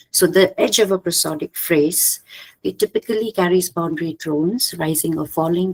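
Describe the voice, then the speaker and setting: A woman giving an academic slide presentation, hesitant, often pausing with "okay" and restarting her phrases. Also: fairly low pitch, slightly rough, poor audio. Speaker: conference presenter.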